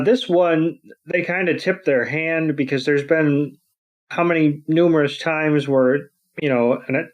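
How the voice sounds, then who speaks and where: A man's voice: a little high, highs cut off. A man co-hosting a podcast, recapping a cartoon episode in casual chat, full of fillers and playful put-on quote voices. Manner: rambling, many fillers, acts out quotes in silly voices. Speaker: podcast co-host.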